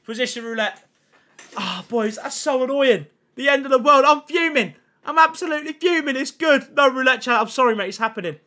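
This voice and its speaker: A young man livestreaming a game chats casually and excitably with his viewers, dropping slang, thanking chat again and again, and reacting loudly to the packs he opens. His voice is very high and a little fast.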